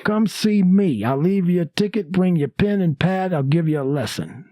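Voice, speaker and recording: A man's voice: lively intonation, normal speed, warm tone, dry recording, studio quality. A man doing an impression of a chatty, rambling older male comedian in a raised voice while telling a story. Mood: insistent. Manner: long rambling monologue, raised high voice.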